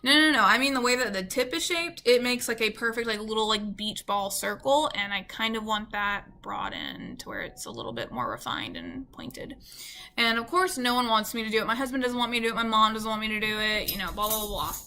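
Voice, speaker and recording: A woman's voice: fairly high pitch, expressive, brisk, bright, forceful tone, slight background noise. A woman with a Southern US accent telling a casual storytime to her camera, chatty and full of "like" and "you know.". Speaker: beauty vlogger.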